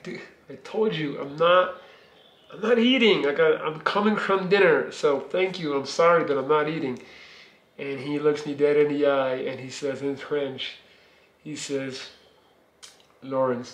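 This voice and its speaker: A man's voice: fairly high pitch, fairly bright tone, reverberant. Long-winded man telling a story. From Belgium. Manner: long-winded, rambling, swearing. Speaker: vlogger. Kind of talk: casual storytelling vlog. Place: living room.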